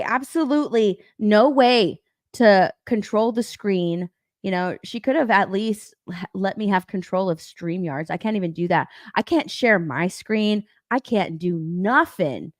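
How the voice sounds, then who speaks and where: A young woman hosting a live stream alone, talking in a loose, rambling way that loops back on itself. Her pitch jumps around a lot. She swears casually and laughs often. The sound is close and dry, with no room echo. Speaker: stream co-host.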